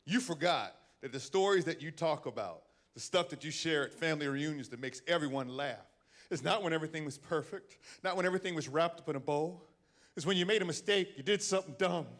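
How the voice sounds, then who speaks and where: A man's voice: on the high side, a little fast. A man performing a stand-up comedy set aboard a cruise ship, telling stories with acted-out voices. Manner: animated storytelling with acted-out voices. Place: cruise ship theater with live audience.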